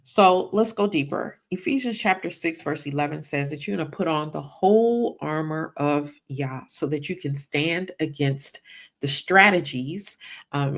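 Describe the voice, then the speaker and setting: Low gravelly woman preaching on money. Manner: emphatic, repeats "right?" to the audience. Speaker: podcast host and Christian finance teacher. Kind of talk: preaching-style livestream teaching.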